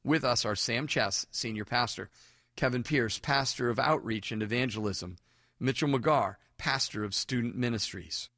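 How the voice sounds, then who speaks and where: Dry, even male program announcer. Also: mid-range voice, normal speed, no room sound. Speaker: program host. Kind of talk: scripted announcement.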